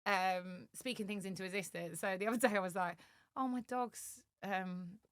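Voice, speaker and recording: A young adult woman chatting as a podcast guest, animated, with lots of fillers and acted-out quotes. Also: on the low side, a little fast, dry recording, clean studio sound. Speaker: podcast guest, agency founder. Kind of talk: casual podcast chat.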